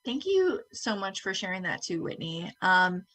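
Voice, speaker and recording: A woman moderating a conference panel, thanking speakers and asking questions in a measured way. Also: mid-range voice, big pitch swings. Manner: warm thanks, measured, many ums.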